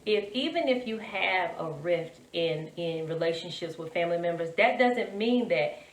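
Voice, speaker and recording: A woman co-hosting a relationship podcast with her husband, animated and encouraging, with many restarts. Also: on the low side, normal speed. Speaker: podcast co-host. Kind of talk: casual chat between spouses. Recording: roomy echo, distant mic.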